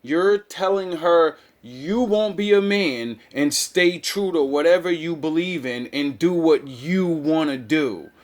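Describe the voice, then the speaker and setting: Male host, casual blunt mocking delivery, voice a touch high. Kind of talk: casual chat.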